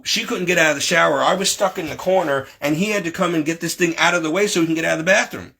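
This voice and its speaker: A man with a husky, slightly rough voice, pitched a little above the usual. He rambles through personal stories in a relaxed way and jumps up high when he quotes other people. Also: quick pace. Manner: rambling, animated quoting of others. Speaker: storyteller recounting paranormal childhood. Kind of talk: casual storytelling.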